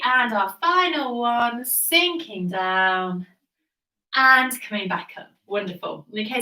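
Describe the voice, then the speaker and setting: A woman's voice: medium pitch, recorded from a distance. Pilates teacher woman in an echoey room. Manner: encouraging, calm cueing with breath counts. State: slightly out of breath. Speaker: Pilates instructor. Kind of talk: guided workout instruction.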